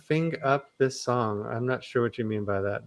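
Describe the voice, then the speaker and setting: A man's voice: mid-range voice, moderate pace. A man hosting a livestream, reading chat comments aloud with easy laughter.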